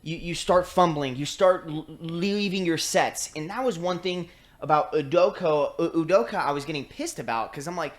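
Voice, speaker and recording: A man co-hosting a podcast, ranting in casual chat, swearing freely and acting out quick impressions. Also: fairly high pitch. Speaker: podcast co-host.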